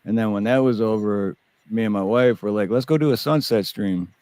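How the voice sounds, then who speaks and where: A man chatting casually as a livestream panel guest over a video call, laid-back and quick to chuckle. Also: fairly low pitch, darkish tone, no room sound. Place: lives in Hawaii.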